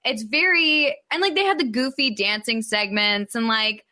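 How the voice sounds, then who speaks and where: A young woman with a bright, slightly high voice talks through a recap in relaxed chat. She fills her sentences with "like" and slips into quoting others. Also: moderate pace. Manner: chatty, lots of fillers, quotes others. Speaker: podcast guest, former player.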